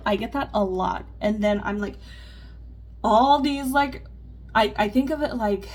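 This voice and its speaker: Doing her makeup at home, a vlogger chats candidly in a get-ready-with-me video, rambling and using lots of fillers. Her voice is mid-range and her pace unhurried.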